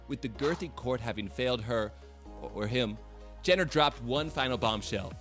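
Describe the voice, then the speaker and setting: A man in his late twenties tells a story in a scripted, comedic voice-over. He speaks at a mid pitch with a wry, sarcastic delivery. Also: moderate pace, fairly bright tone, faint music behind. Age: late 20s. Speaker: video essay host.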